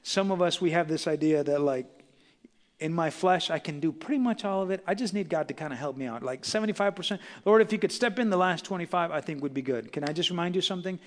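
A man's voice: fairly high pitch, fast talker, big-room sound. A man preaching a sermon as pastor to his congregation, building intensity and acting out quotes. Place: church sanctuary.

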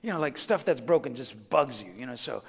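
A middle-aged man preaching a sermon as a chatty, animated story with many asides to the congregation. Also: mid-range voice, fairly quick, creaky, husky. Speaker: pastor. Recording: long hall reverb.

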